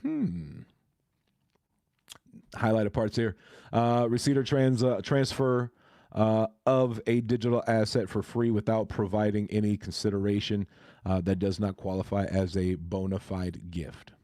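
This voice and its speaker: Halting low-voiced male crypto streamer. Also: fairly even intonation, dark tone, no echo, studio quality. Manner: hesitant, many fillers and restarts. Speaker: crypto livestreamer. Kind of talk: casual livestream chat.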